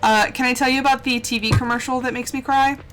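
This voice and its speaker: A woman's voice: sits high, fairly even intonation, fast. A young woman chatting casually while she streams a game live, gushing and emotional, laughing often and exclaiming a lot. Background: game music.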